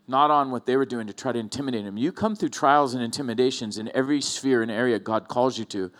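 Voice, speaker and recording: A middle-aged man preaching a sermon in a loose, conversational way, acting out little quotes as he tells stories. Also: medium pitch. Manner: conversational, animated storytelling with acted-out quotes. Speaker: pastor.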